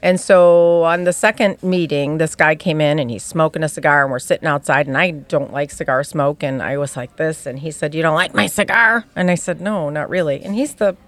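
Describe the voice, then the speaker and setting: Low-voiced woman telling her story. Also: fairly quick, few pauses. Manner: frank, acts out quoted dialogue. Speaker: podcast guest. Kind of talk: candid personal storytelling.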